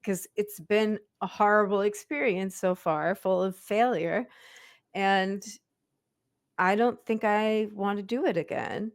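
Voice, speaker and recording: A woman hosting a podcast, reflecting on her own experience in a halting, searching way. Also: mid-range voice, clean tone. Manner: reflective, halting, with many restarts. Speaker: podcast host. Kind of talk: casual interview conversation.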